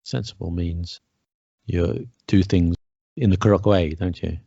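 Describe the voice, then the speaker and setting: A man's voice: low-pitched, fairly even intonation, measured pace, creaky, warm tone, breathy edge, no echo. A British man co-hosting a casual chat, musing aloud and answering with questions back. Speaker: podcast co-host. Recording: dry, dull lo-fi audio.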